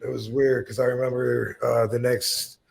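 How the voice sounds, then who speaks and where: Man in his fifties, podcast host, gravelly voice, middle pitch, loose rambling storyteller, swears a lot. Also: level tone, moderate pace. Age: 50s. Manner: laid-back, swears freely, rambling with fillers. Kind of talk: casual storytelling.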